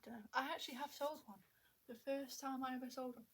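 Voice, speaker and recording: A woman's voice: high-pitched, fairly even intonation, fast, a bit bright, breathy edge. A young woman vlogging at home into a tablet camera, chatty and self-mocking, a little out of breath and often half-whispering. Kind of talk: rambling casual chat to camera. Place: at home indoors.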